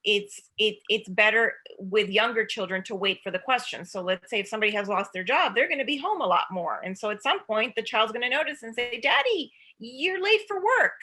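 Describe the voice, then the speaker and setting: A woman speaking as an expert guest, giving calm parenting advice and acting out what parents and children might say. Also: mid-range voice, fairly quick, hardly any pauses. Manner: acts out child and parent voices. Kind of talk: advice talk.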